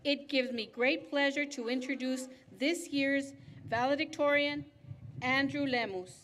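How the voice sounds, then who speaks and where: A woman's voice: sits high, a little slow, fairly bright tone, long reverb tail, a little hiss or hum. A woman speaking formally at a school graduation ceremony, introducing the valedictorian.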